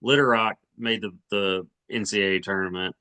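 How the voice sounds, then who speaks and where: A man's voice: on the low side, fairly even intonation, normal speed, sharp tone. A man of around forty from Arkansas, co-hosting a sports podcast in casual chat, rambling with many restarts and hedges.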